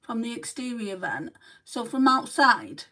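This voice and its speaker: A woman's voice: on the high side, big pitch swings, normal speed, bright, forceful tone, recorded from a distance, low-quality recording. A woman from Lancashire with a Lancashire accent, chatting casually on a beauty livestream as she answers viewer comments. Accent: Lancashire English. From Lancashire, England.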